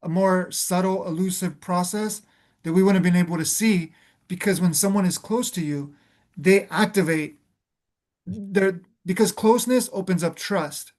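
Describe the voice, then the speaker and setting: A man's voice: high voice, moderate pace, a little mellow. A man hosting a reflective spiritual conversation, speaking earnestly and calling the listener "beloved", often restarting his phrases as he searches for words.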